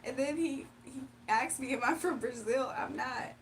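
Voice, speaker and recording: A woman's voice: high voice, normal speed. Playful laughing streamer woman from Virginia. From Virginia, USA. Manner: laughs often, loose and playful. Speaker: livestream host. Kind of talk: casual livestream chat reading comments. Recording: mic a bit far off, faint room noise.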